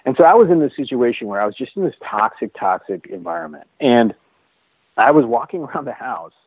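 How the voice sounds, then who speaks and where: A man telling his own story as an interview guest, earnest and halting, restarting and repeating words as he goes. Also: mid-range voice, expressive, slightly rough, no echo. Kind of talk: personal storytelling in a conversation. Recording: dry, phone-like narrow sound.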